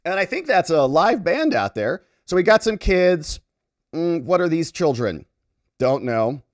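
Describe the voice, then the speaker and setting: Animated, chatty male commentator. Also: a little high, a little slow, no echo, clean studio sound. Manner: animated, chatty, jokey asides. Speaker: lawyer commentator, host. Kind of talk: casual commentary over clips.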